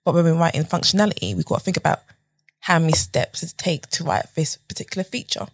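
A young British woman, guesting on a podcast, tells the story of her career in a casual interview, acting out quotes with big pitch jumps, whispers, and other people's voices. Her slightly low, husky voice moves fast and is recorded close and dry.

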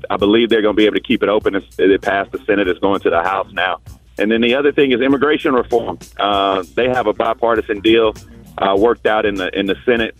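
A man's voice: mid-range voice, low-quality recording. A man giving casual political commentary as a guest, confident, with frequent restarts.

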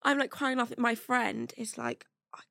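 A woman with a high, light voice tells a comic anecdote on a podcast and often breaks into laughter. Her delivery is animated and quick. She sits close to a studio mic in a dry room. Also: gravelly, dry recording. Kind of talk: casual storytelling chat.

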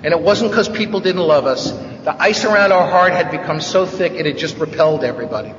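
A man from the Bronx telling his own story at a recovery meeting, with wry jokes and animated delivery. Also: on the high side, quick pace, a little hiss or hum. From the Bronx, New York. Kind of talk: personal recovery talk, humorous storytelling. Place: large meeting hall. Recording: echoey hall, distant mic, dull sound.

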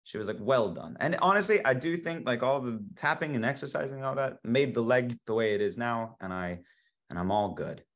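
A man's voice: mid-range voice, animated, fairly bright tone. A man, an actor guest on a podcast, chatting casually with many restarts and small laughs. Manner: halting, lots of restarts and laughs. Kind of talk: casual interview chat.

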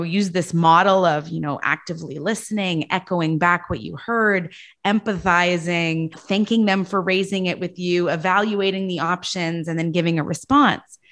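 A woman in her thirties talking as a podcast guest, earnest and explanatory, often tagging her points with a quick "right?". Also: low-pitched. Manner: earnest, tags statements with "right?". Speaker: podcast guest, leadership consultant. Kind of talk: casual podcast conversation.

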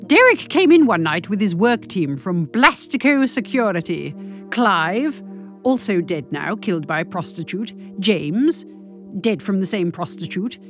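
A woman reading a comic monologue with dry, deadpan delivery. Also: medium pitch, measured pace, soft background music. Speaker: comic storyteller.

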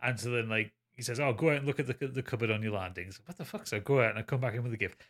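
A podcast co-host rattles through anecdotes, tripping over his words and swearing. His voice is bright and quick. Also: medium pitch. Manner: rapid, stumbling, sweary storytelling. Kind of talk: casual banter.

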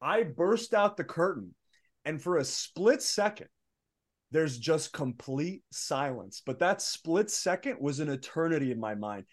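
A young man, a wrestler guest, telling stories in a casual interview with rising excitement. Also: on the high side, a little slow. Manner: animated, building excitement in stories.

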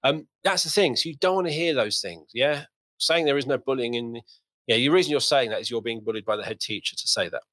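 A man hosting a podcast, chatting in a relaxed, rambling way and acting out the people he quotes. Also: mid-range voice, fairly quick, no echo. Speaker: podcast host. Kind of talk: casual podcast conversation.

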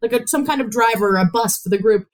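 Woman, Chicago-tinged Midwestern accent, slightly nasal, high voice. Animated podcast storyteller. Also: fast. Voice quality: a little nasal. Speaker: interviewer, host's sister.

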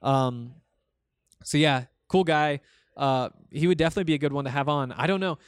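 A man's voice: on the high side, fairly quick, clean tone, no room sound, studio quality. Chatty young man hosting a podcast. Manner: rambling, conversational, many fillers and restarts. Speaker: podcast host. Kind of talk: casual solo podcast, reading listener comments.

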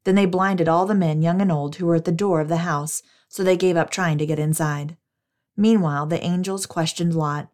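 A woman narrating scripture in a steady, measured reading. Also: on the low side.

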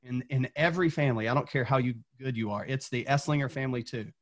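A man's voice: mid-range voice, fast. Ex-coach guy from tennessee telling a story on a podcast, earnest and pumped, trips over repeats. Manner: earnest, motivational, repeats words when fired up. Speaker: guest, former wrestling coach.

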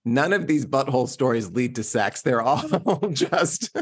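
A man's voice: medium pitch, expressive, measured pace, husky. A middle-aged man chatting as a guest performer, giggly and self-mocking, laughing often between his stories. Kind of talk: casual chat.

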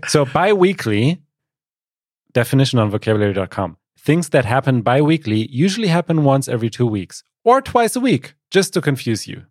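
A man's voice: medium pitch, sing-song, normal speed, darkish tone, no room sound. A man co-hosting a podcast in casual chat, precise and explanatory with dry humor. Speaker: podcast co-host.

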